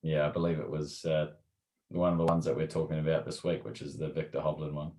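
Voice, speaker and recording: Guy co-hosting a podcast, super deep voice, echoey room sound, keeps it short. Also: level tone, fast talker, a little mellow. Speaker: podcast co-host. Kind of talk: casual chat.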